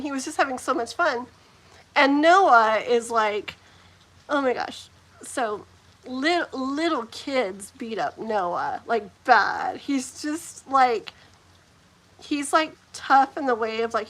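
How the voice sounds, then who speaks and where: A middle-aged woman with a high-pitched voice tells a story on her live stream. Her talk is casual and animated, full of laughter and "like". She acts out the people in her story as she goes. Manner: animated, laughing often, heavy use of "like". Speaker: host of a live challenge stream.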